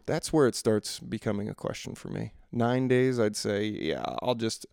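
A man's voice: lowish voice, moderate pace, creaky, a little mellow, smooth, dry recording, clean studio sound. A man telling a personal story in a casual, rambling, exasperated way, acting out the voices of the people he quotes.

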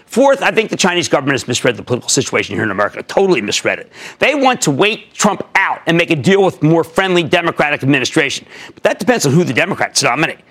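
A man hosting a TV stock market show, giving emphatic commentary and taking calls, jumping from loud high bursts to low asides. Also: sing-song, fast talker. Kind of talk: energetic market commentary and call-in.

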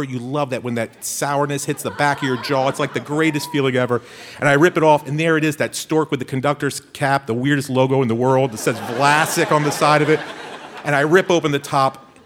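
A man tells a comic story from a live stage in an animated, playful way. His voice sits at an ordinary middle pitch. Faint noise lies behind him.

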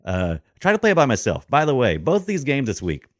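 A man's voice: mid-range voice, huge pitch swings, fairly quick, no echo, studio quality. A man co-hosting a podcast, chatting casually and making playful, jokey interjections. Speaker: podcast co-host. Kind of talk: casual gaming chat.

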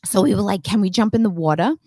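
A woman telling a story on a podcast in casual chat, animated and swearing often between bursts of laughter. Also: medium pitch, fast talker, no room sound. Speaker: podcast co-host.

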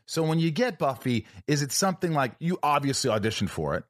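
A man hosts a relaxed podcast interview, throwing in playful remarks between questions. His pitch moves a lot, and the sound is close and dry. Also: a little fast, dry recording. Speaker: podcast host. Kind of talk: casual interview.

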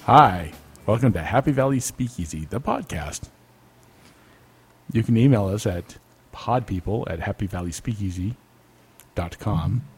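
A man's voice: lowish voice, expressive, unhurried, long pauses, husky. A man co-hosting a podcast in casual banter, joking and laughing often. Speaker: podcast co-host. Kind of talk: casual chat.

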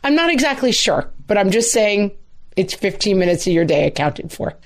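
A woman in her forties co-hosting a podcast, telling stories in a playful, animated way. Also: mid-range voice, moderate pace. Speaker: podcast co-host. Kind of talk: casual chat.

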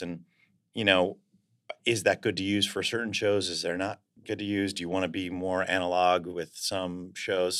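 A man's voice: low-pitched, fairly bright tone. A man being interviewed as a guest actor, talking in a reflective, casual way and searching for words as he goes.

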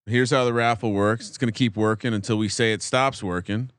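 A man co-hosting a podcast, chatting casually and excitedly, stumbling over his words and swearing freely. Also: lowish voice, brisk, smooth, no echo. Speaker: podcast co-host. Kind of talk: casual fantasy draft banter.

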